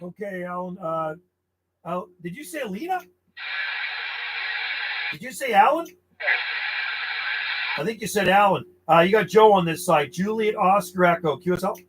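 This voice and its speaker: A man's voice: high voice, expressive, moderate pace, long pauses, very noisy. A man working a CB radio, calling out call signs in a friendly, easygoing way. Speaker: CB radio operator.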